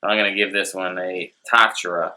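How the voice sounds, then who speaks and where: Bright-voiced man telling rambling stories. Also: low-pitched, steady tone, moderate pace. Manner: rambling storyteller, acts out quotes. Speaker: co-host of a beer tasting web series. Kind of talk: casual comedic chat.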